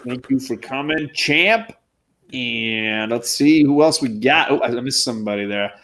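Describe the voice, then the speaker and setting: A man's voice: medium pitch, expressive, unhurried, a bit bright. A man co-hosting a casual comic book live stream, upbeat and joking as he reads out names from the chat. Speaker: comic book show co-host.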